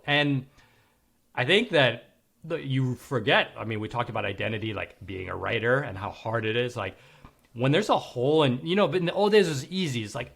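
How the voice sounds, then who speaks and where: A man's voice: medium pitch, fairly quick, gravelly, fairly bright tone. A man in his forties, a podcast guest, telling a candid personal story in casual conversation, swearing now and then and acting out the people he quotes.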